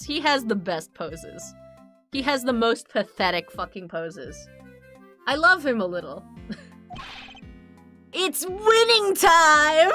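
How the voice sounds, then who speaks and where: A woman's voice: mid-range voice, a bit bright. A woman from New Jersey giving game commentary as a streamer, giggly, profane and incredulous.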